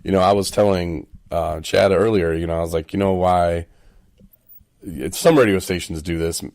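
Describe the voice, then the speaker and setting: Deep-voiced man, animated casual chat. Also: moderate pace. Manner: animated storyteller who acts out other people's voices. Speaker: podcast co-host.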